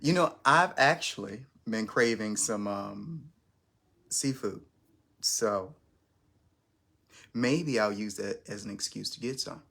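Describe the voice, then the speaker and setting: Man, gravelly bright voice, rambling casual live stream chat, self-conscious, restarts a lot. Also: fairly low pitch, slow, pauses often.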